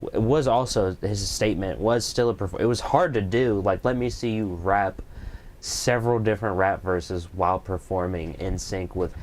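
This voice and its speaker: A man's voice: on the low side, steady tone, normal speed. A man co-hosting a casual live-stream chat, laid-back and explaining his point. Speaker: podcast co-host.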